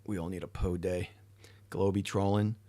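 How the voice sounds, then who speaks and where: A man's voice: deep voice, steady tone, moderate pace, mellow, no echo. A tired man hosting a livestream, chatting casually with his chat, rambling and swearing now and then. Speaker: livestream host. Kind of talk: casual chat reading live chat.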